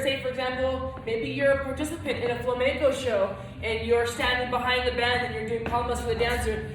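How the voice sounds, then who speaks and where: A woman's voice: a little high, very noisy. A woman teaching a flamenco dance lesson, chatting encouragingly and counting beats aloud as she claps and moves. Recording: echoey room, voice from a distance.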